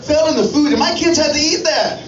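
High-voiced man doing stand-up. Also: a little fast. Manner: chatty, keeps asking the crowd "right?". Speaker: stand-up comedian. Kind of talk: stand-up comedy set. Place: comedy club stage before a live audience. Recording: echoey club audio from a distance, dull.

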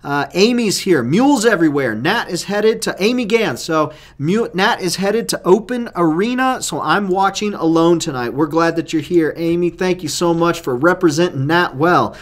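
A man's voice: a little high, animated, moderate pace, hardly any pauses. A man co-hosting a live stream, upbeat as he reads out viewers' comments and questions. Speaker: co-host reading viewer comments.

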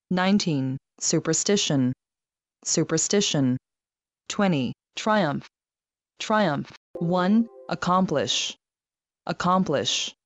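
Female reader for word-list dictation, low voice, very slow, dull muffled sound. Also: dry recording. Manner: reads each word twice, evenly and deliberately. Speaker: vocabulary test reader.

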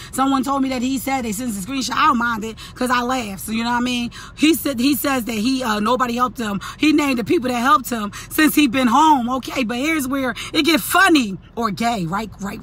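A woman with a high-sitting voice, stuffy from an allergy cold, rants through a profane, animated storytime in her daily vlog segment. She cusses and laughs at her own story, with a little hiss or hum in the audio.

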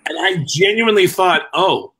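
A man's voice: mid-range voice, expressive, normal speed, bright, forceful tone, low-quality recording. A man co-hosting a comedy podcast, telling a story in a casual, conversational way. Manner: laughing, swearing, conversational.

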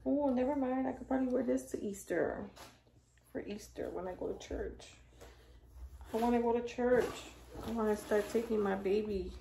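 A woman's voice: a little high, moderate pace, gravelly, dark tone, slight background noise, rough recording. A middle-aged woman opening gifts on camera for her vlog, gushing and exclaiming as she thanks her viewers. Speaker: YouTube channel host. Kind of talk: casual unboxing vlog.

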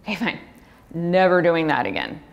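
A woman giving a personal talk, speaking candidly and heartfelt with fillers, sometimes breaking into quick, acted-out dialogue. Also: on the low side, sing-song, vocal fry. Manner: acts out dialogue in quick bursts. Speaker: speaker on pregnancy loss.

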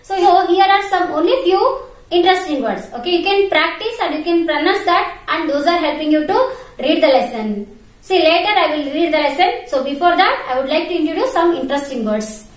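A woman's voice: very high voice, lively intonation, a little fast. A woman teaching an online primary school English class, spelling words out letter by letter and repeating their pronunciation. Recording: very echoey room.

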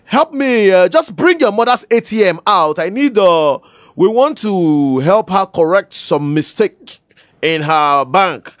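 Woman as smooth-talking male phone scammer, low voice, swinging intonation, dry sound. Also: animated, unhurried, dry recording. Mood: coaxing. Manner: coaxing, flustered, stammering. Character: scheming male phone scammer posing as banker. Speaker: comedy skit actor. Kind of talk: comedy skit acting.

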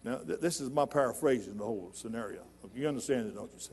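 A middle-aged man preaching a sermon in a church, folksy and conversational, building to loud emphatic points. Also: medium pitch, fast. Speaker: pastor.

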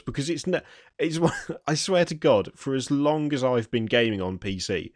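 A man's voice: mid-range voice, normal speed, no echo. Guy reading out game news on a podcast then ranting, mid voice, dry sound. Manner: reads news items, then rants with stammering restarts. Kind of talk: news reading and casual chat.

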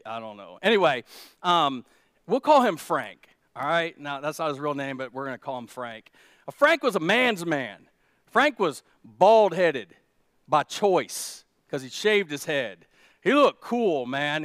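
Pastor preaching in a dry, close sound. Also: male voice, on the high side, very animated, normal speed, a bit bright, no echo. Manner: storytelling, many restarts and fillers, building to emphatic peaks. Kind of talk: conversational sermon. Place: church.

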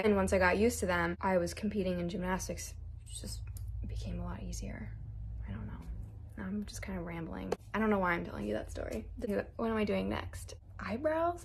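In a husky, mid-range voice, a model in her twenties talks her way through doing her makeup. The vlog chat is loose and rambling, and she sounds nervous and quick to make fun of herself.

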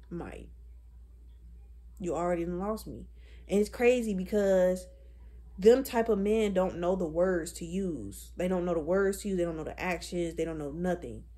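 A young woman in her twenties chats on camera in a blunt, profane, animated way. Her voice is husky, with a dark, mellow tone. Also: lowish voice. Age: 20s. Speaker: vlogger. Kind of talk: casual chat.

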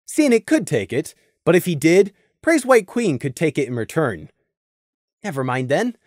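A narrator reading a fan audiobook with expressive storytelling on a close mic. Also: medium pitch, normal speed, dry recording.

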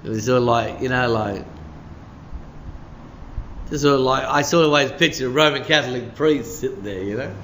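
A man's voice: mid-range voice, moderate pace, pauses often, fairly bright tone, slight background noise. A man, preaching a midweek sermon as a pastor in a chatty storytelling way, full of "you know" and "sort of".

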